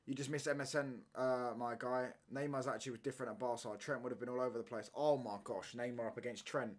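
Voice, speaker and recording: A young man streaming a football watchalong and bantering with viewers in slangy, animated casual chat. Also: medium pitch, fast. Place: home streaming setup.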